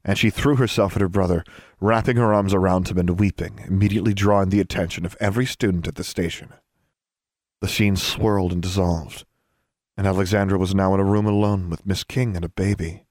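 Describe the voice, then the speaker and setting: A man narrating a fan fiction story as an audiobook, with steady, even storytelling. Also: low voice, brisk, dry recording, studio quality.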